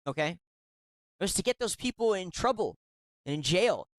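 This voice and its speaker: A sarcastic, indignant host talks through a commentary segment, reacting to emails they read aloud. The voice sits at a middling pitch and often stumbles and restarts mid-sentence. It is recorded dry and close, with no room sound at all. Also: big pitch swings, moderate pace, dry recording.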